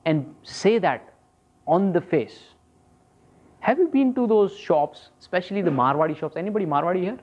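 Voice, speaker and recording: Indian sales trainer talking to a class. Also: male voice, a little high. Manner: lively, teasing, checking in with frequent "okay?", mixing Hindi and English. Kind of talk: live seminar talk to a class. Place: classroom with an audience. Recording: dull lo-fi sound.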